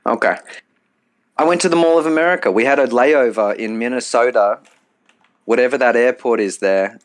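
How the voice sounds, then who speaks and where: Man, podcast co-host, mid-pitched, swears a lot, teasing banter. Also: moderate pace. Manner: swearing, teasing, laughs often. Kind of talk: casual chat.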